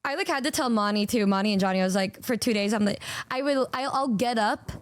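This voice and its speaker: A young woman VTuber spins stories for her chat in a high, bright-toned voice, stumbling over restarts and swearing freely. The recording is close and dry, with no room sound. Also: dry recording. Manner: animated, swearing, stammering, quick restarts. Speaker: VTuber streamer. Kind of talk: casual storytelling to stream chat.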